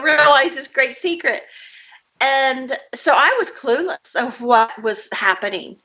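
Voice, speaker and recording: A woman's voice: sits high, lively intonation, takes it slowly, bright, forceful tone. A woman guest recounting a personal childhood memory in an earnest, detailed way. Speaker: interview guest, author. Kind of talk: personal storytelling. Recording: dull lo-fi audio.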